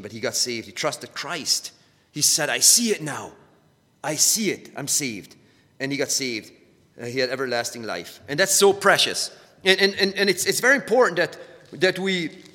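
A man's voice: medium pitch, pushed and bright. A middle-aged man from Canada preaching a sermon, earnest, often repeating and restarting his words. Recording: hall with long reverb.

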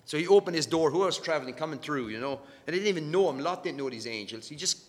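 A man preaching a sermon in a church hall, earnest and halting, often repeating his words as he searches for the next phrase. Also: on the high side, animated. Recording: long hall reverb.

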